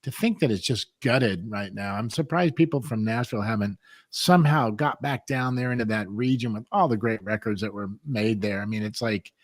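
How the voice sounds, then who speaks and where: A man's voice: fairly low pitch, moderate pace, no echo, studio quality. Laughing, rambling male podcast host. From US West Coast. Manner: rambling storyteller, laughs often. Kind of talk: casual chat.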